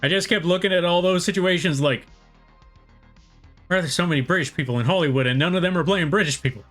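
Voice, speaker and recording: A young American man talks off the cuff to his live-stream viewers as he draws, wandering from thought to thought and teasing himself along the way. His voice sits a little high for a man. Soft music plays quietly underneath. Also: fast. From United States. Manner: rambling, self-deprecating, chats with viewers. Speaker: art streamer. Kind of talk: casual live-stream chat while drawing.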